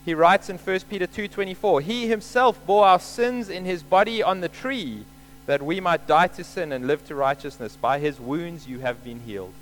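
A man delivers a sermon in an earnest, explaining tone, circling back to stress his points. His voice sits a little high for a man. A faint hum runs underneath the recording. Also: moderate pace, poor audio. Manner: earnest, explains scripture with repeated emphasis. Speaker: preacher.

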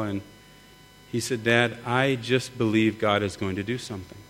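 A man's voice: on the low side, steady tone, moderate pace, fairly bright tone. A middle-aged man preaching a sermon earnestly, often repeating words as he builds. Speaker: pastor. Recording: long hall reverb, mains hum.

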